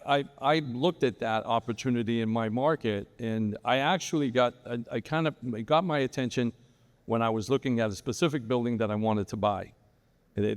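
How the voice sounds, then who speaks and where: A man on a live real estate panel, telling a long story with many restarts. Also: mid-range voice. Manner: rambling storyteller, frequent restarts. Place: large hall at a live event. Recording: reverberant hall sound.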